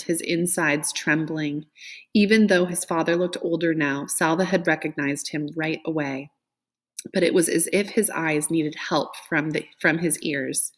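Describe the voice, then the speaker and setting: Low-voiced woman reading a novel aloud. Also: slightly rough. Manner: expressive, gentle, lifts pitch for dialogue. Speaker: reader.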